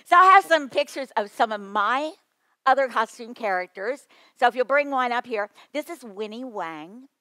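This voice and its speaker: A woman presenting a children's ministry workshop at a conference, talking to the audience in a lively, playful way. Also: on the high side, moderate pace, dry recording.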